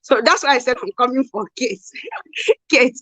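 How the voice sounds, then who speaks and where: Woman, co-host, emphatic and argumentative, higher voice, dry close mic. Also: normal speed, no room sound. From Nigeria. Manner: emphatic, animated, rhetorical questions. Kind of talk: casual live chat.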